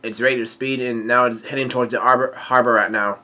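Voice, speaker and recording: A man's voice: medium pitch, steady tone, fast talker, pushed and bright. A man casually reading through a manga chapter, hesitant and full of fillers and restarts. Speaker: manga reader and commentator.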